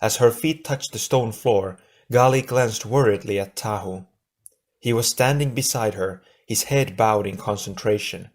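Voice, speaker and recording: A man with a low-pitched voice reads an adventure audiobook aloud as scripted narration. His delivery stays steady and measured throughout.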